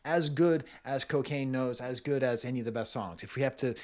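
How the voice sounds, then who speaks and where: A man's voice: medium pitch, a little fast, a little mellow. A man giving a casual spoken music review, thinking aloud with frequent fillers, restarts and chuckled asides.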